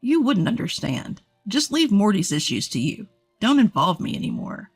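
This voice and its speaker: A woman's voice: mid-range voice, sing-song, normal speed, slightly rough, soft background music. A woman voicing a cold, dismissive adult husband and father who speaks curtly and with irritation. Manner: curt and irritated.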